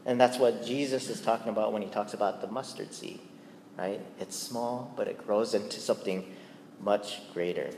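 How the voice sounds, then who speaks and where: A man's voice: lowish voice, moderate pace, a little mellow, slight background noise. A man preaching a sermon as pastor, conversational and playful, often checking in with the listeners. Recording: echoey church hall with long reverb.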